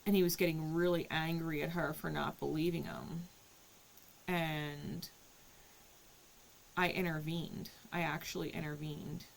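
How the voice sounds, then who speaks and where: A woman's voice: low voice, little pitch movement, a little slow, creaky, long pauses, a little hiss or hum, low-quality recording. A woman giving a casual spiritual reading, telling a story in a conversational way and often checking in with "right?". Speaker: tarot reader.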